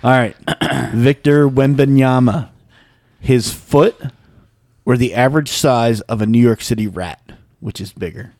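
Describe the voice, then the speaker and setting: A man hosting a casual podcast, quickly reading quiz facts and teasing his co-hosts. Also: mid-range voice, darkish tone, dry recording. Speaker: podcast host running a quiz segment.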